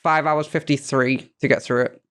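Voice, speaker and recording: A woman's voice: rumbling low, moderate pace. A woman, a podcast guest telling gaming stories in casual chat, swearing freely and acting out quotes. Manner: animated storyteller, swears freely, acts out quotes.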